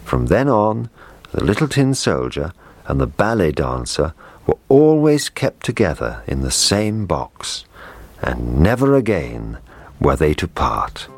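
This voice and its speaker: Deep-voiced man reading a bedtime story. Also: sing-song, a little slow.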